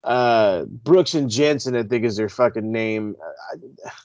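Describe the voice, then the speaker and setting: A man's voice: mid-range voice, a little slow, no room sound. A man hosts a casual podcast, ranting with plenty of cursing and rambling restarts. His recording is dry and somewhat dull and lo-fi. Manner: rambling, profane, animated ranting. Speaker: podcast co-host. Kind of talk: casual chat.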